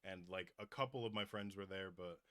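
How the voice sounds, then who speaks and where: A young adult man with a fairly low, bright voice rambles easily through a story on a podcast. His delivery is laid-back and full of loose asides. The sound is dry and close, with no room echo. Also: brisk. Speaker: podcast host. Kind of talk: casual chat.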